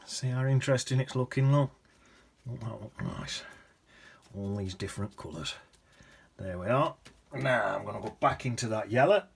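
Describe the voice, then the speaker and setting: Teaching watercolour, this man speaks at medium pitch and a moderate pace, his voice creaky and husky. His talk is chatty, and as he paints he often sinks into quiet whispers and humming.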